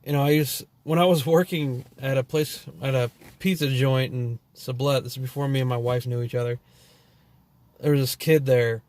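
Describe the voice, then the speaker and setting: A man's voice: mid-range voice, fairly even intonation, normal speed, darkish tone, no echo. A man from Texas with a Texan accent, telling loose, profane stories full of fillers and trailing thoughts. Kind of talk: rambling storytelling monologue.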